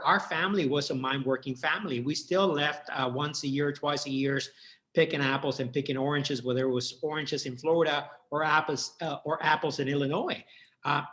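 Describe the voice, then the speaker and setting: Brief: middle-aged man from Mexico, fairly high voice, earnest and heartfelt guest. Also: fairly bright tone. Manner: earnest, heartfelt, many repeated starts. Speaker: guest, entrepreneur. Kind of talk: personal life story in interview.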